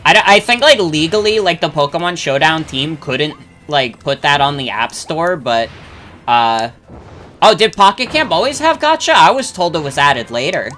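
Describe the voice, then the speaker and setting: Bright, rambling young game streamer. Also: medium pitch, very animated, normal speed, faint music behind. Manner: rambling, filler-heavy, swears freely. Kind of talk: casual chat while gaming, reading chat.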